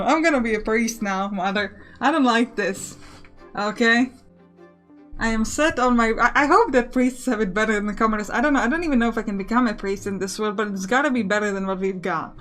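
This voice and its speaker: A woman's voice: fairly high pitch, fairly quick, fairly bright tone, faint music behind. Joking woman reading a game aloud. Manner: reads game text aloud, then jokes about it. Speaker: let's play host. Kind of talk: casual gameplay commentary.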